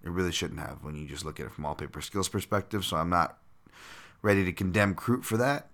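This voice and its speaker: A man's voice: low-pitched, fairly quick, a bit bright. A man hosting a casual solo podcast, breaking down fights while thinking aloud, with lots of fillers, restarts and the odd chuckle. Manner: chuckles now and then while talking. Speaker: podcast host and fight analyst.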